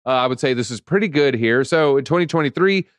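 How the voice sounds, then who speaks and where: A man's voice: medium pitch, lively intonation, fast talker, dry recording, studio quality. A man co-hosting a casual crypto news show, reading headlines aloud and joking between them. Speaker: co-host.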